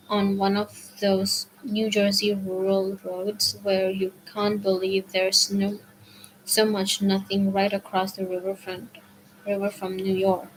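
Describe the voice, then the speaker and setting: A woman reading a novel aloud as a storyteller, steady, with some passages dropped to a whisper. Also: mid-range voice, slight background noise, rough recording. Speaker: audiobook reader.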